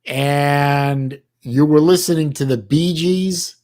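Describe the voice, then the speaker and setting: A man's voice: on the high side, darkish tone. Rambling folksy American man streaming. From United States. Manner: halting, many restarts, folksy slang. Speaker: livestream host reading chat. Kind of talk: casual rambling chat.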